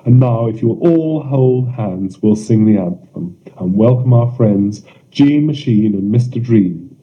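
A man's voice: medium pitch, animated, a little slow, lightly acted. A man voicing a bombastic male king who announces a show, on a dull lo-fi recording. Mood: grandiose.

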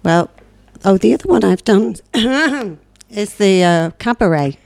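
A woman's voice: medium pitch, lively intonation, a little slow, vocal fry, darkish tone, dry recording. A woman presenting a radio show from England, chatting in a rambling way and laughing easily. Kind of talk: casual chat.

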